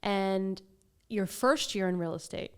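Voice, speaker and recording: A woman co-hosting a podcast, prompting her guest with brisk questions and teasing asides. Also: medium pitch, clear, resonant tone. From New Jersey. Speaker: podcast co-host, brokerage owner. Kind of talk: casual interview.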